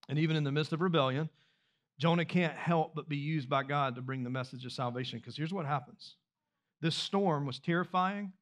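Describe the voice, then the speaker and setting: A man preaching a sermon as pastor, talking loosely and directly to his congregation with rhetorical questions and repeated words. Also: mid-range voice. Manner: repeats words and restarts phrases while speaking freely. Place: church sanctuary.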